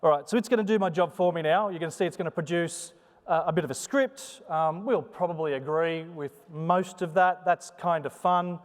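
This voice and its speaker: A somewhat high-voiced man gives a live conference talk, his intonation rising and falling in a sing-song way. He jokes and chats with the audience. The sound carries a long reverb from the hall. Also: normal speed. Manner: chatty, joking, animated delivery. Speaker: conference presenter.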